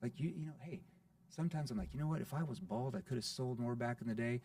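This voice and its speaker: Fast-talking gravelly man, animated. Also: mid-range voice, no echo, distant mic. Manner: animated, acts out playful sales lines. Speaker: sales coach guest. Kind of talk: podcast interview.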